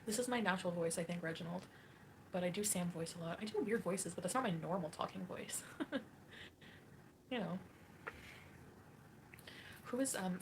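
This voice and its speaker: A woman's voice: lowish voice, noisy background. Catty woman ranting on a livestream. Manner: catty and mocking, laughs often. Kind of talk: casual livestream rant, reading chat.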